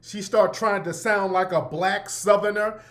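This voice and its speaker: A man's voice: high voice, steady tone, measured pace, a bit bright. A man hosting a radio show, giving brash, sarcastic commentary full of slang and repeating his points for emphasis. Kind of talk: opinionated talk-radio commentary.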